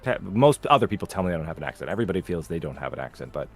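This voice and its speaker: A man's voice: low-pitched, very fast, soft background music. A man from New England, with only a faint trace of that accent, telling stories and answering questions in a casual livestream chat. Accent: faint New England, mostly neutral. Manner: animated storyteller, acts out quotes. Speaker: host.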